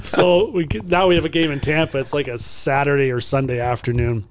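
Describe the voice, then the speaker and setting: A man in his fifties, a podcast guest and former hockey player, telling stories in a casual, animated way and acting out the people in them. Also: fairly high pitch, a little fast, slight background noise. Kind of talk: casual storytelling.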